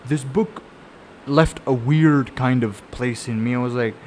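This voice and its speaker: A man's voice: mid-range voice, a little slow, darkish tone, slight background noise. Rambling man summarizing a novel. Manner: rambling, conversational storytelling with frequent fillers and restarts. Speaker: book reviewer. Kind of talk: casual spoken book summary.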